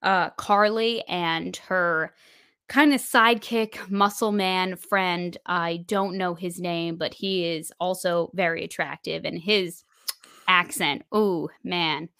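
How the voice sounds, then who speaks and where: A woman's voice: on the low side, fairly even intonation, slow, sharp tone, clear, resonant tone, no echo, studio quality. A woman co-hosting a podcast, chatting casually through an episode recap with plenty of fillers. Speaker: podcast co-host. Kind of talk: casual spoiler recap chat.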